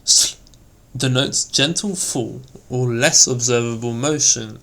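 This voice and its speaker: Man, gravelly voice, unhurried reading, acts out example words, scripted reading. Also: mid-range voice, pushed and bright. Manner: slow deliberate reading, acting out example words. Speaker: reader of an old elocution text.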